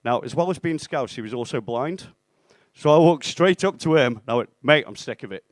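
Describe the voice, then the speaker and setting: A young man performing a stand-up set in a comedy club, with a deadpan, self-mocking delivery and acted-out bits of dialogue. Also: fairly high pitch, brisk, dry recording. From England (Stoke-on-Trent).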